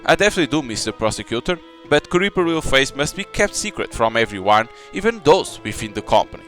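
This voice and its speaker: A man voicing a calm, evasive female company boss in a mystery game. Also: medium pitch, quick pace, soft background music. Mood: composed.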